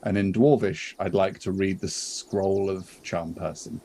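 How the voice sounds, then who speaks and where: A British man playing a cleric in an improvised tabletop game, playful and quick to laugh. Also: low voice, a little hiss or hum. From Britain. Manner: playful, laughs often, animated. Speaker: player.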